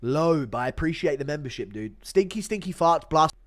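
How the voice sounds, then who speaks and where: Excitable, swearing male streamer, lively pitch. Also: fairly quick, background noise. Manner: excitable, profane, loud bursts. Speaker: streamer host. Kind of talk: live reaction play-by-play.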